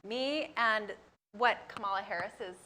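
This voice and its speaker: A woman's voice: mid-range voice, a little slow, bright, forceful tone, a little hiss or hum, poor audio. A woman co-host speaking passionately and emphatically on a political talk panel.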